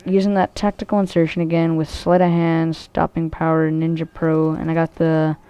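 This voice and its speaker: A woman with a low-pitched, dark, clean voice commentates casually over a shooter match at a moderate pace and in a level tone. Her gameplay commentary rambles, she swears freely, and she is full of ums and restarts.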